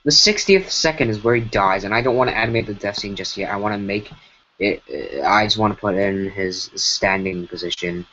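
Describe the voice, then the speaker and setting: A man's voice: on the low side, a little fast, sharp tone, a little hiss or hum. Rambling man on a dull lo-fi mic. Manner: rambling, self-correcting, many fillers. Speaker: streamer animating. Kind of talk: casual livestream commentary. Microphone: broken computer mic.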